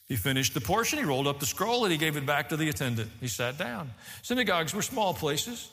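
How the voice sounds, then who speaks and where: Animated male preacher in a reverberant hall. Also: fast talker, few pauses. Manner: animated preaching, rising and falling in pitch. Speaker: pastor. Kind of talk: sermon.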